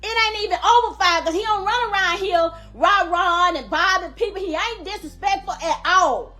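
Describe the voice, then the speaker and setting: In a sharp, extremely high-pitched voice at a moderate pace, a grieving grandmother from Louisiana, USA, issues a furious public appeal. The middle-aged woman repeats her words to drive them home.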